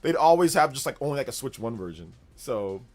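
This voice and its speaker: A young man hosting a casual livestream, chatting loosely and reading viewer comments aloud in a rambling, animated way. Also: medium pitch, a little fast. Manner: rambling and animated, with filler words and restarts. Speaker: streamer host.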